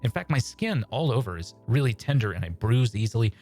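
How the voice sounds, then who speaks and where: A man's voice: medium pitch, big pitch swings, brisk, a little mellow, soft background music. A man voicing a chatty woman calling a radio show, rambling with many fillers.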